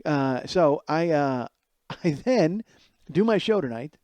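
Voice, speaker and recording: A man's voice: fairly high pitch, lively intonation, takes it slowly, darkish tone, no echo. A man in his forties hosting a comedy podcast from a friend's kitchen late at night, rambling and profane, often mocking others in put-on voices. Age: 40s. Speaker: podcast host. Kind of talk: casual comedic monologue.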